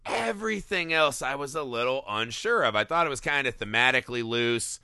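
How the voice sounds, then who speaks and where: A man hosting a podcast in casual chat, lively and swearing freely, laughing often. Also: mid-range voice, brisk, clean tone, dry recording, clean studio sound. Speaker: podcast host.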